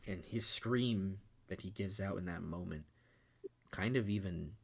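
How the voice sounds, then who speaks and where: A man's voice: sits low, a little slow, vocal fry, a little hiss or hum. A young man co-hosting a podcast, retelling a film scene in casual chat, swearing freely and getting emotional. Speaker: podcast co-host. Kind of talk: casual movie recap chat.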